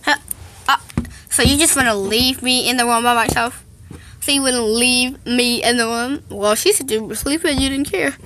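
A woman's voice: on the high side, normal speed, fairly bright tone, slight background noise. A woman vlogger acting out casual, chatty doll scenes with frequent sighs. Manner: casual, sighing, chatty dialogue between toys.

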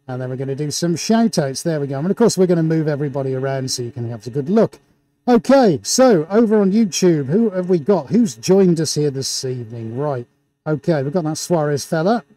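A man hosting a live painting stream in an indoor studio, talking through a face mask and calling out viewer shout-outs with showman-like excitement. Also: fairly high pitch, fairly quick. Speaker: livestream host and painter.

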